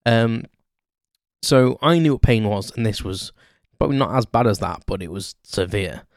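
With a fairly low, expressive voice at normal speed, a man hosts a podcast, rambling through an unscripted story in a chatty, self-deprecating manner with many ums. The sound is clean studio audio with no echo.

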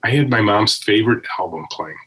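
A man who is a tech founder and guest, telling stories with lots of emphasis. His voice is slightly husky and jumps around in pitch. He keeps checking in with a quick "right?". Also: low-quality recording. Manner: animated, emphatic, with frequent "right?" tags. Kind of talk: conversational storytelling.

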